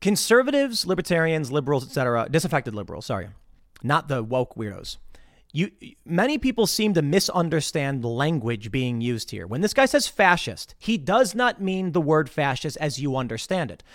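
Male commentary host, fairly high voice, animated delivery that acts out quotes, close and dry studio mic. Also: moderate pace, dry recording. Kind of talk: live political commentary show.

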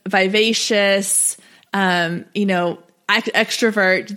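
A woman's voice: mid-range voice, fairly bright tone. A woman in her thirties hosting a solo podcast, coaching small business owners in a chatty, direct and encouraging way.

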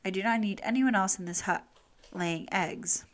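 A woman's voice: medium pitch, normal speed, lightly acted. A woman voicing a jealous hen in a storybook, snippy and clucking.

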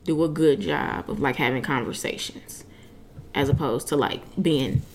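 A young woman co-hosting a podcast, chatting casually with animated restarts and trailing phrases. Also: deep voice, moderate pace, slight background noise. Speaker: podcast co-host. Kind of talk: casual chat.

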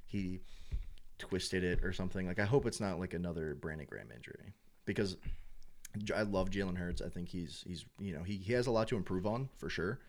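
A young man chatting casually as a sports fan, rambling with lots of filler words and getting animated when he acts out fans and announcers. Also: low-pitched, fairly quick, a little hiss or hum. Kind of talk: casual chat.

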